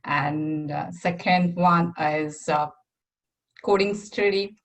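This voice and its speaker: A woman whose first language is not English speaks in a somewhat low voice on a casual video call. She talks softly and hesitantly, pausing with fillers as she shares her plans. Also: poor audio. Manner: soft-spoken, hesitant, many fillers. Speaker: community member sharing weekly plan.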